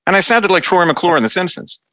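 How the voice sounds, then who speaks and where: A middle-aged Canadian man, a cabinet minister as guest, chatting casually in an animated way with frequent restarts. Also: sits high, fairly quick, dull audio, crowd noise. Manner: animated, stumbling restarts, acts out quotes. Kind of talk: casual interview chat.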